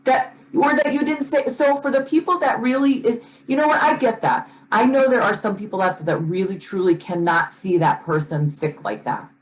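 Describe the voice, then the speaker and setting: A woman's voice: a little high, moderate pace, hardly any pauses, poor audio. A woman co-hosting a podcast in casual chat, talking earnestly and passionately, often restarting and repeating words as she gets worked up. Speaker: podcast co-host.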